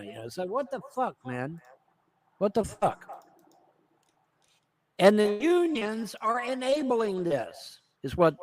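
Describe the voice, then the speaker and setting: A man's voice: high-pitched, huge pitch swings, takes it slowly, pauses often. A man hosting a show, ranting angrily and mockingly with constant swearing. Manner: angry, cursing, mocking. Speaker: host. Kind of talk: profane political rant.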